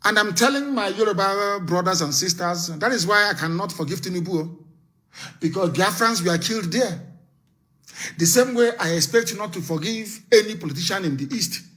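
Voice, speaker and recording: Impassioned man, raised pitch. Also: expressive, moderate pace, pushed and bright. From Nigeria. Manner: impassioned, hammering rhetorical questions; issues stern warnings. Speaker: political activist leader. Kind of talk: live broadcast address.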